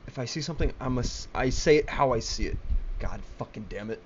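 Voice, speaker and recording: A man's voice: mid-range voice, quick pace, a little hiss or hum. Young man, rambling solo rant, swearing, stammering restarts, muffled webcam mic. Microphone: laptop webcam mic.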